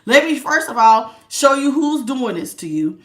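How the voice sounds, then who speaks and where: A woman's voice: high-pitched, sing-song, normal speed, fairly bright tone. A woman giving a live spiritual tarot reading, preachy and emphatic, repeating words for stress. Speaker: tarot reader.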